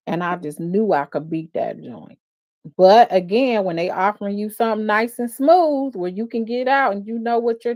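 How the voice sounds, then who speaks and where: Commenting on a court case during her live stream, this defense attorney speaks in a mid-range voice. She shows her emotions openly, expressive and often sighing between thoughts.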